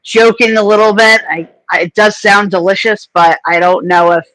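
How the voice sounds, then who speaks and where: A woman hosts a casual livestream, her mid-pitched voice recorded dry and close. She rambles through anecdotes, with fillers and restarts along the way. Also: steady tone, moderate pace, fairly bright tone, no echo, poor audio. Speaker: host.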